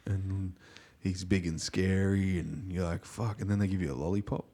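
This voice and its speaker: A man's voice: low-pitched, fairly even intonation, normal speed, dark tone. A man co-hosting a podcast, chatting bluntly with frequent swearing and jokes. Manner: blunt, profane, joking. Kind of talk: casual podcast chat.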